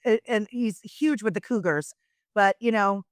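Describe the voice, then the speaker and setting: A woman's voice: mid-range voice, unhurried, dry recording, studio quality. A middle-aged woman, a retired wrestler and guest on a podcast, chatting casually and telling rambling stories full of quoted voices. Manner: rambling storyteller who acts out quoted voices. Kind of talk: casual chat.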